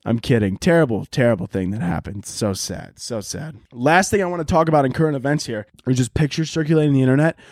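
A man's voice: medium pitch, animated, quick pace, few pauses, a little mellow, no echo, studio quality. A young man hosting a podcast, rambling sarcastically through a comedic monologue with frequent swearing. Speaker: podcast host.

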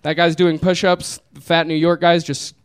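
A man's voice: a little high, little pitch movement, normal speed, clear, resonant tone. A young man telling a funny story to a live audience, laid-back and laughing through it. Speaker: comedian telling a story on stage. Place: small live venue.

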